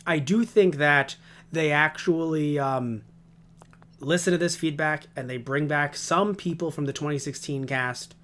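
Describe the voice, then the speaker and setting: A man's voice: fairly high pitch, a little slow, fairly bright tone. A man co-hosting a casual podcast, rambling and ranting with heavy swearing. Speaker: podcast co-host.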